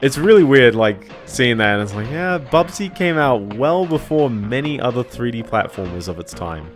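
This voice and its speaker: A man's voice: medium pitch, expressive, normal speed. A man casually commenting while streaming a video game, rambling and hedging with little chuckles to himself. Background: game music.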